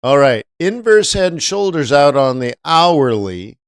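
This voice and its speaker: A man's voice: on the high side, sing-song, unhurried, clean tone, no room sound, clean studio sound. A man hosting a live-stream trading lesson, chatty, often asking viewers rhetorical questions. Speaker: trading educator.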